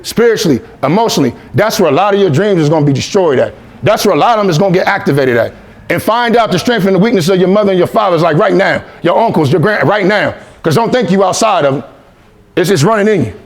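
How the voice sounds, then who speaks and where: A man's voice: high-pitched, expressive, quick pace. A man giving a motivational speech to a youth team, repeating phrases and leading call-and-response. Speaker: motivational speaker.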